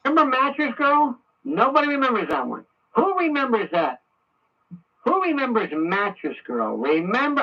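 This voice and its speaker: A man's voice: very high voice, very animated, moderate pace, far from the mic. Angry ranting talk radio man. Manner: angry, ranting, repeats himself. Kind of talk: political talk radio monologue. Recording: muffled radio audio from afar.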